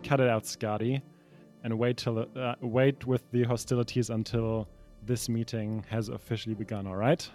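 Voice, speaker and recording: A man's voice: medium pitch, level tone, moderate pace, a little mellow, faint music behind, natural voice. A man voicing a stocky, impatient female fire giant leader in a tabletop game, sounding dismissive.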